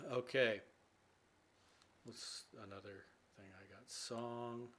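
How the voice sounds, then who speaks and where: A man explaining English idioms in a relaxed lesson. He talks in a loose, chatty way, with plenty of fillers, and acts out short everyday scenes to make each point. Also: mid-range voice, slow. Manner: chatty, with many fillers and play-acted quotes. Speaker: English teacher.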